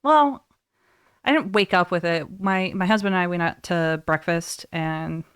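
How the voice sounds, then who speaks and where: A woman hosting a casual podcast, chatty and quick to laugh, her voice trailing off softly at times. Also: fairly low pitch, clear, resonant tone, dry recording, studio quality. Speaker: podcast host.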